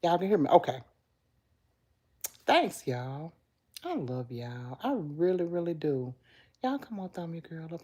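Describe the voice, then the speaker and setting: A woman's voice: low voice, very animated, measured pace, long pauses, warm tone, husky. A middle-aged woman hosting a casual live stream, talking straight to viewers and answering chat comments. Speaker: livestream host.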